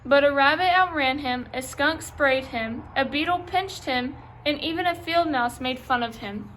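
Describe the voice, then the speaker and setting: Young woman, high voice, reading a picture book aloud to kids with careful pacing. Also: moderate pace, a bit bright, slight background noise, low-quality recording. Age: young adult. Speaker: reader. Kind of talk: children's story reading.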